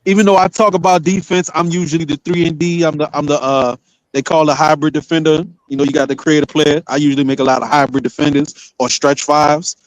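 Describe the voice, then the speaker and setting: Stammering New man, slightly high voice. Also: level tone, a little fast, no echo, low-quality recording. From New York. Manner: stammering, defensive. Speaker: panel guest. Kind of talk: casual panel chat.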